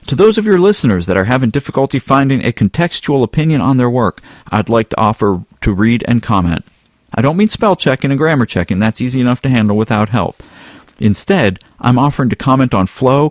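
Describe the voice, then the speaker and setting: A man hosting a casual podcast, reading a listener's email aloud in a relaxed, rambling way. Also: fairly low pitch, no echo, studio quality. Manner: relaxed, rambling, with some filler words. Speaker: podcast host.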